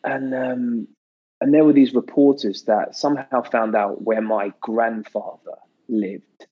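A British man chatting as a podcast guest, telling stories in a lively way and acting out quotes with sudden pitch jumps. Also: unhurried, slightly rough, muffled recording. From Britain. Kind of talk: casual anecdotal chat.

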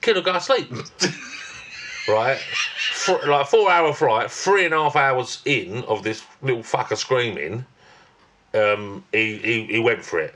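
A man's voice: mid-range voice, animated, slow pace, a bit bright, slight background noise. A man from Britain co-hosting a podcast, rambling through stories and swearing often. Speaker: podcast co-host. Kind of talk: casual chat.

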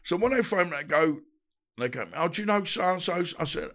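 A man's voice: high-pitched, animated, fairly quick, fairly bright tone. A man, telling stories bluntly in a casual interview and acting out the dialogue he quotes. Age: 50s. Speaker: guest, boxer.

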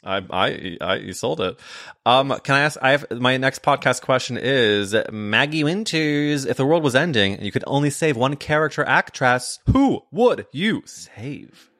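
A man hosting a podcast, chatting casually in a playful, animated way and laughing often. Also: medium pitch, a little slow, dry recording, studio quality. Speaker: podcast host. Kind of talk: casual chat.

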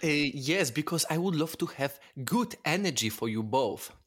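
A man's voice: a little high, lively intonation, normal speed, slightly rough. Playful man. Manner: playful, mock-announcer delivery. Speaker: podcast co-host. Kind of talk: casual podcast banter.

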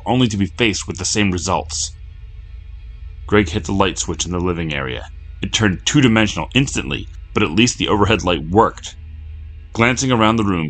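A man narrating a horror story in a low, measured, steady delivery.

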